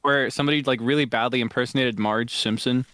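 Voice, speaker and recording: A male streamer chatting casually during a game stream, giggly and quick to burst into laughing fits. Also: steady tone, fairly bright tone. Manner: giggly, breaks into frequent high laughing fits. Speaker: streamer host.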